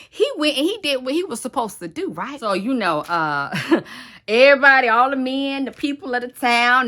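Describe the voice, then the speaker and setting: Chatty lady retelling a bible story, slangy, bright voice. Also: on the high side.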